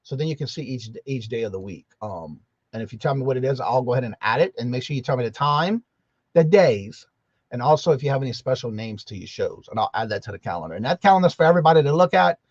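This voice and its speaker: A man's voice: medium pitch, lively intonation, fast, dry recording. A man hosting a casual morning livestream, greeting viewers by name in a chatty, drawling way. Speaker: livestream host. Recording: slightly dull, lo-fi sound.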